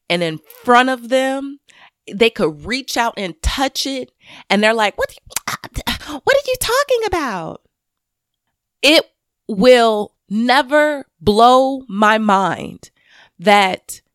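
A woman speaks straight to camera in an impassioned monologue, cursing freely. Her voice sits at an ordinary pitch and swings from loud, fast bursts of anger to hushed, heavy grief, with some words slowed and pressed hard. The recording is close and dry, with no room sound. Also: dry recording. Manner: profane and intense, swinging between loud anger and quiet grief.

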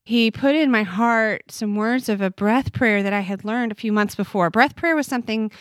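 She has a clear, resonant voice on the high side and speaks at a normal speed. A podcast guest in her forties, she relates a personal story conversationally, earnest and heartfelt, often halting and restarting. The audio is studio quality with no room sound.

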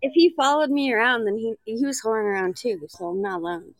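Brief: woman podcast guest, high and animated, giggly, faint background noise. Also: fast talker, no room sound. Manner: giggly, defensive. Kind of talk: casual live podcast chat.

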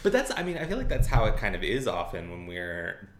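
A man's voice: on the low side, a little fast. Chatty man in a roomy recording. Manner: chatty, animated, laughs often. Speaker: podcast co-host. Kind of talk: casual chat.

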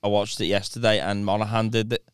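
A man's voice: fairly low pitch, flat delivery, quick pace, smooth, dry recording, studio quality. A man co-hosting a podcast, rambling a little with hesitant restarts. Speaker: podcast co-host. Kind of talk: casual chat.

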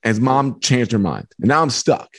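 A man, a book author and podcast guest, telling a personal story in a lively way. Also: mid-range voice, moderate pace. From New York. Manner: lively, acts out voices in anecdotes. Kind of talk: animated storytelling.

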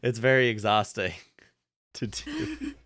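A man's voice: medium pitch, wildly swooping pitch, fairly bright tone. A man co-hosting a podcast, recapping episodes in casual chat, often laughing and restarting his sentences. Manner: laughing, trailing off, halting restarts. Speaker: podcast co-host.

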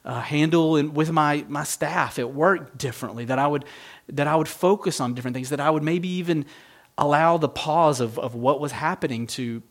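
A middle-aged man, a pastor, giving a sermon in an earnest, reflective, conversational way. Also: fairly high pitch.

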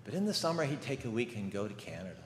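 A man's voice: mid-range voice, big pitch swings, rapid-fire, slight background noise. Older man preaching in an echoey church. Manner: storytelling, conversational with rhetorical questions. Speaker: guest preacher. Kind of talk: sermon. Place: church sanctuary. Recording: echoey church hall with faint ambience.

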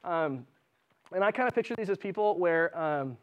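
A man's voice: sits high, lively intonation, normal speed, clean tone, lo-fi sound. A man preaching a sermon in a church, reading scripture with passion and talking conversationally with fillers.

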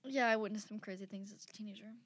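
A woman's voice: mid-range voice, fairly even intonation, quick pace, no room sound. A woman co-hosting a podcast in casual chat, making blunt, jokey asides. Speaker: podcast co-host.

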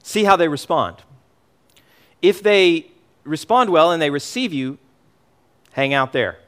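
Middle-aged male pastor, lively sermon delivery, fairly high voice, emphatic and repetitive. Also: unhurried. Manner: animated, emphatic preaching with frequent repetitions.

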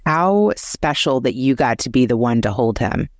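A podcast host asking gentle, empathetic interview questions. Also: medium pitch, lively intonation, normal speed, no echo, studio quality.

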